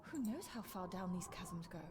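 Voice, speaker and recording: A woman's voice: lowish voice, lively intonation, normal speed, noisy background, close to an everyday voice. A woman voicing a curious, practical young companion who speaks thoughtfully in an adventure game. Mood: calm.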